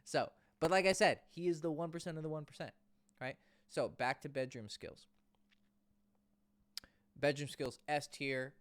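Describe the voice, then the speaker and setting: A man's voice: fairly high pitch, steady tone, measured pace, long pauses, no room sound. Blunt, casual male dating coach. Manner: blunt, casual, swears, reads out viewer questions. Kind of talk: casual livestream talk.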